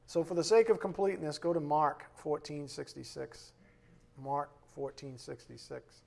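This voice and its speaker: A man teaching a Bible lesson in a relaxed, conversational way, often checking in with his listeners with "right?". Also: a little high, normal speed, vocal fry.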